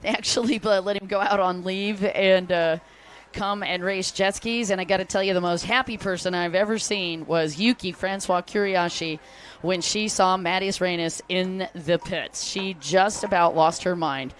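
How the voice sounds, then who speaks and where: A woman's voice: on the low side, fairly even intonation, normal speed, slight background noise. A woman announcing a jet ski race live, chatty and upbeat, joking with the crowd. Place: outdoor race venue by the water.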